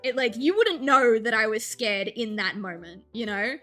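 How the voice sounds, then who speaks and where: A woman's voice: on the high side, expressive, moderate pace, bright, forceful tone, soft background music. A woman in her twenties, a streamer, casually telling a story while drawing, laughing often and slipping into quoted voices.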